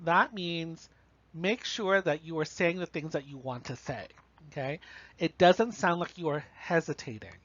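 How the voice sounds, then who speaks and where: A college instructor gives a recorded online writing lecture, casually walking through examples and often checking in with "right?" and "you know." The voice is medium in pitch, a little slow and a bit bright, with no room sound. The recording is dry and slightly dull.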